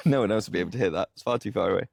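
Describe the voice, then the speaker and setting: A man's voice: on the low side, racing, vocal fry, heavy background noise. A man co-hosting a podcast, chatting casually in a kitchen, rambling and joking at his own expense. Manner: rambling, self-mocking and jokey, full of "like". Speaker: podcast co-host. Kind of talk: casual chat.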